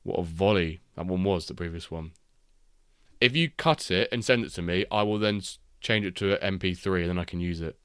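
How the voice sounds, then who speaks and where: A man, chatting casually and reacting excitably while hosting a live football watchalong stream. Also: low-pitched, a little fast, clear, resonant tone, dry recording. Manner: rambling, excitable reactions to match action.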